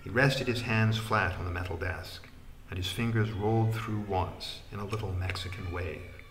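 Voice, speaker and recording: A man narrating an audiobook in a measured way, trailing into a breathy hush at phrase ends. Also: deep voice, background noise.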